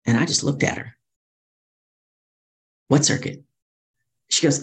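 A middle-aged woman, a professional speaker and coach, telling her story in an interview and acting out other people's lines in lively voices. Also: low voice, unhurried, long pauses.

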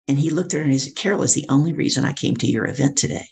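A middle-aged woman, a professional speaker and coach, telling her story in an interview and acting out other people's lines in lively voices. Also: low voice, rapid-fire, gravelly, few pauses.

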